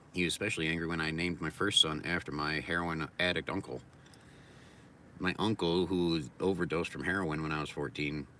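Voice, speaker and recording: A low-voiced man with a sharp, forceful edge to his tone rambles through a blunt, profane livestream monologue, repeating his points like mantras. He sounds set back from the mic, with a faint hiss of noise behind him. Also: distant mic. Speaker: livestream host.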